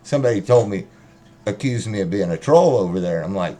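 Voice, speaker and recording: A man's voice: fairly low pitch, animated, normal speed, dark tone. A man rambling casually and profanely on a livestream, joking as he talks. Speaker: livestream host.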